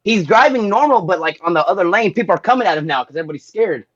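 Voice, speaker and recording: A man with a slightly high voice rambles through a movie recap, acting out quoted lines and dropping curse words. The audio is dull and lo-fi, like a home podcast mic. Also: animated, rapid-fire, fairly bright tone. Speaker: podcast host. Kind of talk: casual movie recap chat.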